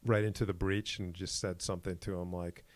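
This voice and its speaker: Man, podcast co-host, casual chat, lowish voice, dry close mic, acts out dialogue in stories. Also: a little fast, dry recording. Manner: animated storyteller who acts out quoted exchanges.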